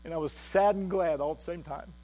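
A male pastor preaching a sermon in a halting, heartfelt way, often repeating words as he restarts. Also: fairly high pitch, mellow.

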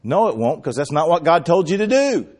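Storytelling preacher man, higher voice. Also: big pitch swings, a little fast, a little mellow. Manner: storytelling preacher, acts out quoted lines, rising to emphatic outbursts. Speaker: pastor. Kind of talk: sermon.

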